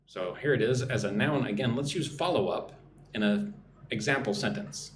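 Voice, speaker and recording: A man teaching English vocabulary live, his pitch rising and falling with lively movement. He spells words out slowly syllable by syllable and keeps checking in with "right?", while his voice rings in an echoey room with a faint ambient hum behind it. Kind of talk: live-streamed vocabulary lesson.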